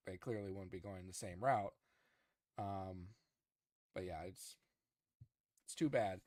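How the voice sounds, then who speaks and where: A man's voice: fairly low pitch, unhurried, pauses often, no room sound. Male podcast co-host, casual, heated, dry close mic. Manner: animated, frustrated, many restarts. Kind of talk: casual chat.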